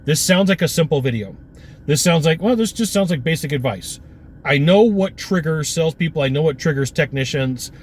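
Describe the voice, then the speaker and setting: Energetic man coaching salespeople. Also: on the high side, brisk, slight background noise. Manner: energetic, punchy, repetitive phrasing. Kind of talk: motivational sales coaching talk.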